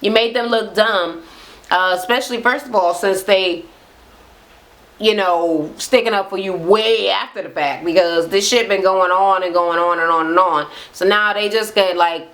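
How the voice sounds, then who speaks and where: A woman vents through a reality TV recap in a blunt, heated rant full of swearing. Her voice sits at an ordinary middle pitch. She talks straight into her camera. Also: moderate pace, fairly bright tone. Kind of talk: profane ranting recap. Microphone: camera mic facing speaker.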